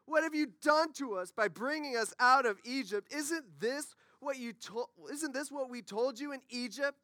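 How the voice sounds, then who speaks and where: A man's voice: extremely high pitch, normal speed, pushed and bright, dry recording, clean studio sound, voice pushed up. A man voicing a crowd of whining, ungrateful ancient Israelites in a sermon, griping at their leader. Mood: whiny.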